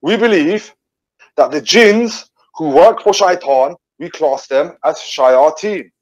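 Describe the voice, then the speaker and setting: A man's voice: on the high side, slow, lo-fi sound. A man debating as a guest, arguing back while being interrupted. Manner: defensive, gets cut off. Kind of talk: heated online debate.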